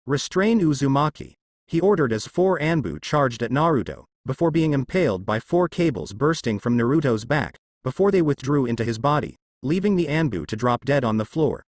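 Male narrator, fan fiction reading, steady delivery, lively intonation, dry close sound. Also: mid-range voice, brisk, hardly any pauses, dry recording.

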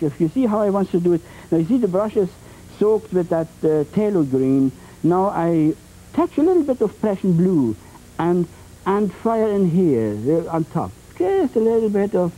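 A man demonstrating oil painting on a 1980s TV show, talking in a halting, repetitive way with many fillers and playful folksy phrases. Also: on the high side, dark tone, slight background noise, low-quality recording. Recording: 1980s TV tape transfer.

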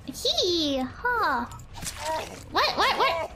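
A woman streamer with a very high voice talks slowly through a game. She drops into creepy, low-murmured coaxing, then swings up into squeals and laughter. There is a clear noise under the stream audio. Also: sing-song. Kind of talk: live gameplay commentary.

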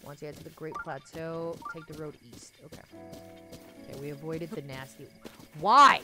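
A woman's voice: deep voice, normal speed, over loud music. A young woman live-streaming a video game, chatting with viewers and scolding her horse, laughing often. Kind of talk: casual live-stream chat.

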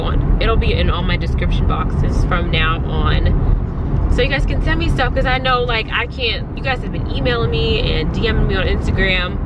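A woman's voice: mid-range voice, very noisy. A young woman in her twenties vlogging casually to camera while she has a head cold, talking candidly and swearing freely. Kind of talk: casual vlog chat to camera. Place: home and in a car.

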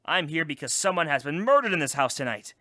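A man's voice: on the high side, very animated, fast talker, bright, forceful tone, no room sound. A man playing an impatient detective in a college radio murder-mystery spoof. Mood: brusque. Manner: curt, impatient. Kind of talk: college radio comedy sketch.

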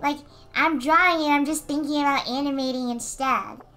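A woman streaming casually while she draws, answering chat, giggly and given to excited squeals. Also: high-pitched, moderate pace, soft background music. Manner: responds to chat messages.

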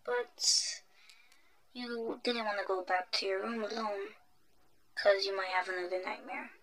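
A woman narrating a listener role-play story in a soft, half-whispered ASMR manner. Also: medium pitch, unhurried, poor audio.

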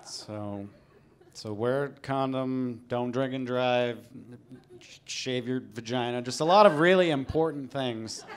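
A man performing a live stand-up comedy set on stage, talking in an offhand, dry way and breaking into silly voices. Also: mid-range voice. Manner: offhand, dry delivery broken by sudden silly put-on voices. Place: comedy stage before a live studio audience. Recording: audience laughter behind. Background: crowd laughing.

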